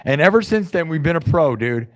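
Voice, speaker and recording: A man's voice: fairly high pitch, lively intonation, a little fast. Chatty livestream host, a man. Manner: chatty and loose, heavy on "like" and "dude". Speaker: livestream host of an improvised music show. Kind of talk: casual chat reading live comments.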